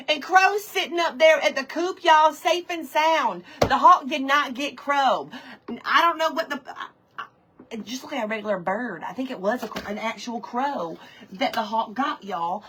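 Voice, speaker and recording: A woman's voice: high-pitched, expressive, a little slow, pushed and bright, rough recording. A woman telling a story during a live stream, greeting viewers by name as she chats. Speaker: livestream host. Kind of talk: casual storytelling while reading live comments.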